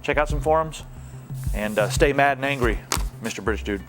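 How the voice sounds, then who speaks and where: A man's voice: mid-range voice, a little fast, over music. A young man hosting a casual tech question show, answering viewer emails with playful jokes and asides.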